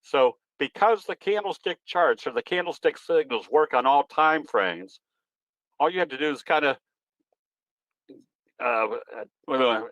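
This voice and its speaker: A man's voice: on the high side, fairly bright tone, no room sound, poor audio. A man presenting at an online trading webinar, answering questions in a folksy, easygoing, rambling way. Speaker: guest presenter, trading educator. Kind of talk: webinar Q&A, explaining.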